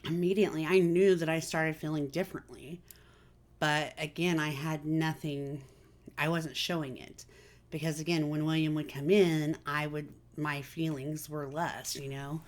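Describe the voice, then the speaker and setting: A woman's voice: low voice, level tone, moderate pace. A woman hosting a casual personal chat, talking candidly and confidingly with many fillers. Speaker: vlog host.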